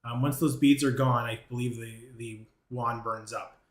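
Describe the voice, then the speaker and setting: A man's voice: medium pitch, normal speed. Guy running a tabletop game, lots of ums, kinda roomy echo. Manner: relaxed, hesitant with many ums. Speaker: game master.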